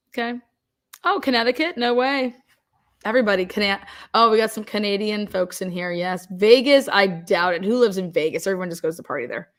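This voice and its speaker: A woman's voice: medium pitch, fairly bright tone. Chatty woman hosting a livestream. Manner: chatty, reads out viewer locations with quick reactions. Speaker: livestream host. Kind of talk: casual livestream chat.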